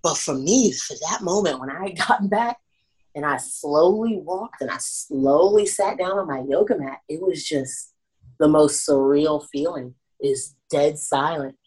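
Animated, husky woman wrestler guest. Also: deep voice, measured pace. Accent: Washington D.C. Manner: animated, laughs often, acts out moments. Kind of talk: casual interview chat.

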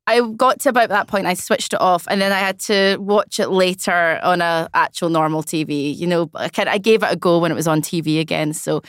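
A woman, chatting casually on a podcast, self-mocking and quick to laugh. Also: fairly low pitch, steady tone, fairly bright tone, smooth, dry recording, studio quality. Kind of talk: casual chat.

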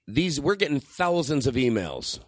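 Excitable rambling man, dry close sound. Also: mid-range voice, normal speed, no room sound. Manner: excitable, rambling, breaks into shouts and laughter. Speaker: podcast host. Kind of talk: loose comedic chat. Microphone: lav mic.

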